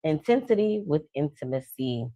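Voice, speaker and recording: A woman who is a love coach and podcast host, chatting casually, telling lively stories and acting out the people she quotes, with slangy talk. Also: low-pitched, normal speed. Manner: animated storytelling, acts out quoted people; slangy, conversational.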